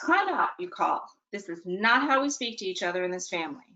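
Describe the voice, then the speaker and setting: A woman gives a parenting webinar in a relaxed, conversational way and keeps tagging her points with a quick "okay?". Her humor is dry and a little self-mocking. Her voice sits at a middle pitch and comes through a dull, lo-fi online call. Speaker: presenter.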